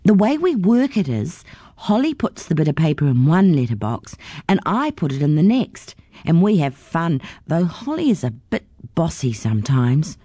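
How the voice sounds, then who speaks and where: A woman's voice: low voice, very animated, moderate pace, dark tone, no echo, clean studio sound. A woman reading a children's story aloud in a childlike first-person telling. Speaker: storybook reader.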